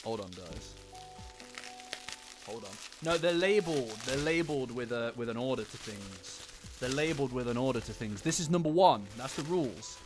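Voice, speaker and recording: Excitable, swearing male streamer. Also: mid-range voice, normal speed. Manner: excitable, swears a lot, loud gasps and exclamations. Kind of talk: casual live-stream chat. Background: faint background music.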